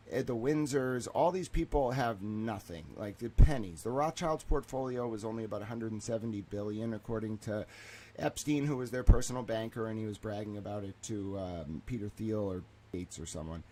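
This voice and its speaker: A man streamer rambles through a long monologue, excitable and digressive. His voice sits at a middling pitch and swings from loud outbursts to low mutters. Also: normal speed, a little hiss or hum. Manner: excitable, digressive, shifts between loud and mumbled. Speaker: streamer host.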